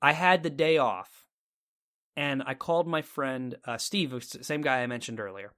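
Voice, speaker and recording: A man from Texas with a mid-range, slightly bright voice talks at normal speed. Co-hosting a casual talk show as a podcast co-host, he tells a story animatedly, acting out his own reactions.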